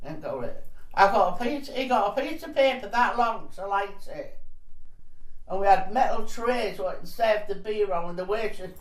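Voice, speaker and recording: An older woman tells cheeky anecdotes in a chatty interview, laughing between her casual stories. Her medium-pitched voice is picked up from a distance, off-mic, in a roomy-sounding space.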